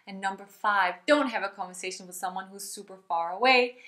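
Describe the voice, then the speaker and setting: A woman's voice: medium pitch, a little fast, few pauses, fairly bright tone. Upbeat woman singing teacher, echoey room. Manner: upbeat, talks straight to viewers. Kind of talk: vocal health tutorial.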